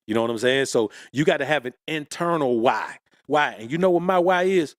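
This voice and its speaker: A man's voice: on the high side, animated, a little fast, no echo, clean studio sound. A man from Birmingham, Alabama with a Southern accent, co-hosting a casual podcast chat in a motivational, profane way. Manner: motivational, says bruh and man often. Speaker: podcast co-host.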